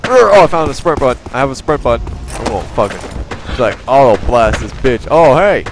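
A young man giving profane, excitable let's play commentary with yelling outbursts. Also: mid-range voice, normal speed, background noise. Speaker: gamer. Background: game music and gunfire.

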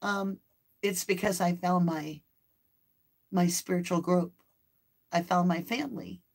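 A woman's voice: on the low side, steady tone, measured pace, vocal fry, poor audio. A woman hosting a casual livestream, gushing and tearful as she thanks her viewers. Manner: emotional, gushing, says "like" and "um" often. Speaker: channel host.

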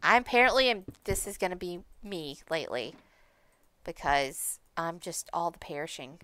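Lively bright-voiced woman gaming. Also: normal speed, clean tone. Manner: chatty, talks to herself and chat while playing; sudden high yelps when startled. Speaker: Minecraft streamer. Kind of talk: casual gaming commentary.

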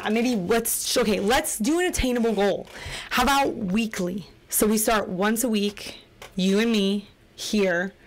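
A young woman vlogger chatting casually to the camera, giggly, playful and rambling. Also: medium pitch. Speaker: vlogger starting a podcast.

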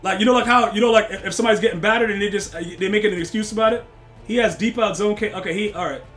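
Male game streamer with a high voice; loud, profane reactions and joking back-and-forth with viewers. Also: rapid-fire, faint music behind. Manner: excitable, swears, loud outbursts at the game; teasing banter with chat. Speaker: gaming streamer.

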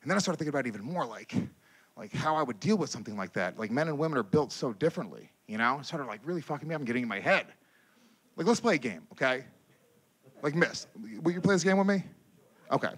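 A man doing a stand-up comedy set on stage, with a loud, animated delivery, profane banter with the crowd and shouted character voices. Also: mid-range voice, quick pace, breathy edge. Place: comedy stage before a live audience.

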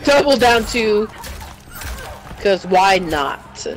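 A woman's voice: medium pitch, expressive, very slow, soft background music, rough recording. A woman commentating a fighting game tournament in a casual, hyped way, laughing often and using slangy speech.

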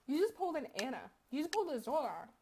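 High-voiced young woman, crude joking gamer. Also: big pitch swings, very fast, a little hiss or hum. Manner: crude, joking, with sudden loud outbursts. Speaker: gaming commentator. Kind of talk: casual gameplay commentary.

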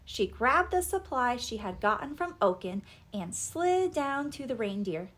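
Animated woman reading a children's story. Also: fairly high pitch, unhurried, few pauses. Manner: expressive and animated. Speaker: storybook reader. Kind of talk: read-aloud children's story narration.

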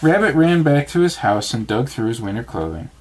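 Dad reading bedtime story, lots of ups and downs in his voice, expressive. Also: medium pitch, a little fast. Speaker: father reading to his child.

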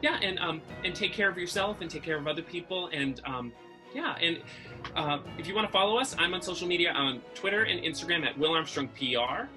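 A man's voice: on the high side, lively intonation, fairly quick, music in the background. A man from Massachusetts hosting a podcast, chatting casually over a video call and wandering into self-deprecating tangents. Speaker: podcast host.

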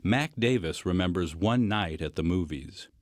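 A man narrating a documentary in a measured, scripted way. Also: sits low, animated, no room sound, studio quality.

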